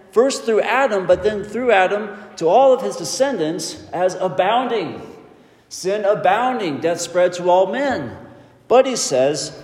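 Emphatic preacher in an echoing hall. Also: male voice, sits high, darkish tone. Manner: emphatic, measured preaching with slow stressed phrases. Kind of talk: sermon. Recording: echoey hall with long reverb.

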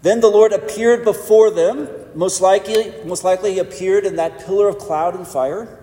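A man preaching a sermon in a measured, emphatic way with pauses for weight. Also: sits high, steady tone, mellow. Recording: echoey church hall.

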